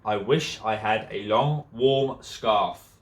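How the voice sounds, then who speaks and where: A man's voice: on the low side, slow, pitched below the performer's own voice. A man voicing a mournful, cold giraffe. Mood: sad.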